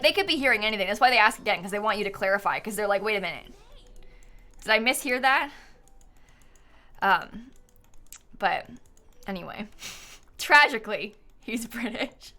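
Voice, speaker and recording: A woman's voice: fairly high pitch, expressive, normal speed, sharp tone. A woman from the United States live-streaming a game, chatting casually and rambling, often laughing and answering her chat.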